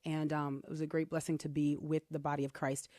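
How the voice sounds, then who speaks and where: Animated low-voiced woman telling a story. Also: fairly quick, no room sound, studio quality. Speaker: co-host. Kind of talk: casual chat.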